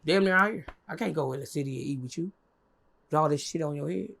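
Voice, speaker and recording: A young woman telling a story as an interview guest, animated and profane, acting out what others said in a high voice. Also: fast talker, creaky. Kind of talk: casual storytelling.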